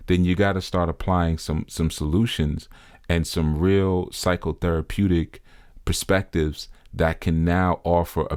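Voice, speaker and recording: A man's voice: extremely low pitch, a little mellow, no room sound, studio quality. A middle-aged man giving earnest, preacher-like commentary, repeating phrases for emphasis. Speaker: spiritual teacher commenting on a video. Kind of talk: reflective commentary monologue.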